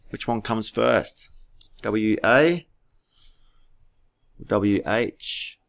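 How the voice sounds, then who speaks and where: A man's voice: lowish voice, vocal fry. A man teaching a class through a screen-recorded tutorial, patient and spelling words out letter by letter, with keyboard clicks behind him.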